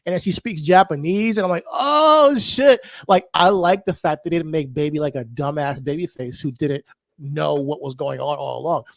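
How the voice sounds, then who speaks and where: A man co-hosting a podcast in casual chat, animated and laughing, getting emotional as he talks. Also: a little high, a little fast, vocal fry, dry recording. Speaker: podcast co-host.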